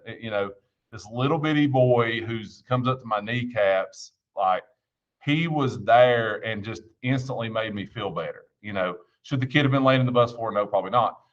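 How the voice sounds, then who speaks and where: A man's voice: mid-range voice, fairly bright tone, dull audio. A man giving an informal devotional talk, telling stories in a folksy, earnest way with frequent restarts. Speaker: church devotion speaker and school bus driver.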